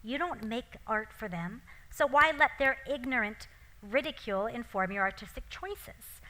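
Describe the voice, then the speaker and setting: A woman's voice: fairly high pitch, sharp tone, rough recording. A woman, an author and actor, talking casually with many likes and ums, then reading aloud from her own memoir.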